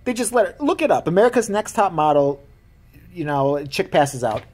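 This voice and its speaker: Animated, profane vlogger rant. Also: mid-range voice, normal speed. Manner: animated, profane, laughs often. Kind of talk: casual rant to camera.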